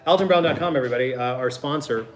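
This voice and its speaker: A man's voice: medium pitch, rapid-fire. Wisecracking profane male cooking host. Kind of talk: casual cooking banter.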